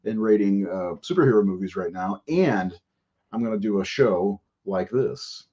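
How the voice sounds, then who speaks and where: A man's voice: on the low side, normal speed, warm tone, breathy edge. A man hosting a podcast in casual live-stream chat, rambling and profane and laughing often. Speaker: podcast host. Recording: dull lo-fi audio.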